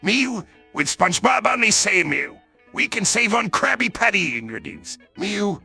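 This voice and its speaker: A synthetic male voice imitating a gravelly, bossy old cartoon crab who runs a restaurant. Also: medium pitch, big pitch swings, measured pace, sharp tone, faint music behind, heavily acted. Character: gruff old male crab boss, penny-pinching.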